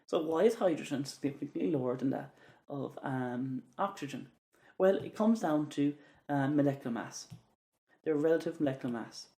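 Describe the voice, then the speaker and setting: A man's voice: fairly high pitch, animated, moderate pace, dark tone. A man teaching chemistry, walking through exam questions and repeating key words with frequent "okays". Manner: repeats key words for emphasis, many "okay"s. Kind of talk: exam walkthrough lesson.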